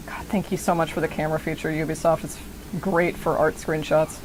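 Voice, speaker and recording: A woman's voice: sits low, level tone, fairly quick, poor audio. Chatty woman streamer over game noise. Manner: enthusiastic, chatty, talks to chat. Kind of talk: casual game commentary.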